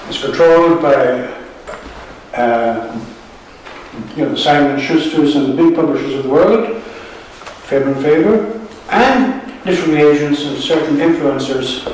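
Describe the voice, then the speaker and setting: A man's voice: fairly high pitch, measured pace, a little mellow, a little hiss or hum. An Irish man, a poet, giving a wry, sardonic reading at a book launch and chuckling at his own jokes. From Ireland. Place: museum hall at a live event. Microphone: room recording from a distance. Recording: very echoey hall from far off.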